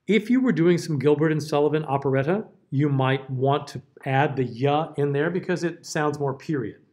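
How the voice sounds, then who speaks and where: An American man teaches a classroom lecture on diction, carefully over-enunciating the example words. His mid-range voice has a darkish tone and moves fairly quickly.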